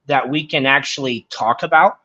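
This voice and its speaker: A man's voice: medium pitch, moderate pace, pushed and bright, dull audio. A man talking in a casual podcast conversation, earnestly explaining his ideas through everyday examples.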